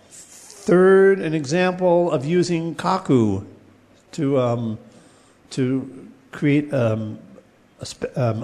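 In a classroom lecture recorded with long hall reverb, a man with a slightly high, darkish voice teaches Sanskrit poetics. He explains things patiently and now and then chants Sanskrit verses. Fillers crop up as he frequently restarts his sentences.

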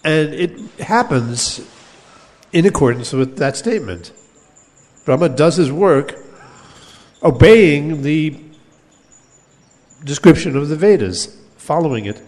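A man's voice: on the high side, darkish tone. Man teaching scripture in an echoing hall. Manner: measured, explanatory, pauses to reread quoted verses. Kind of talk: scripture class lecture. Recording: long hall reverb.

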